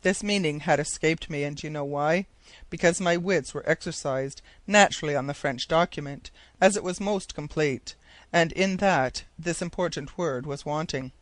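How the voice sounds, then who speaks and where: A man's voice: on the high side, moderate pace, no echo, lightly acted. A man voicing an eager, talkative male geographer who explains his ideas insistently. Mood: explaining.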